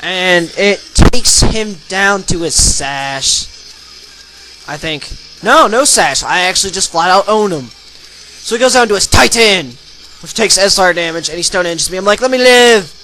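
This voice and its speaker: Young guy talking thru his game battles, high bright voice, gets loud and hyped, faint music under it. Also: unhurried, rough recording. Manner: energetic, breaks into loud excited shouts. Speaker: gaming channel host. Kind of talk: excited battle commentary over gameplay video. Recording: voice-over with faint background music.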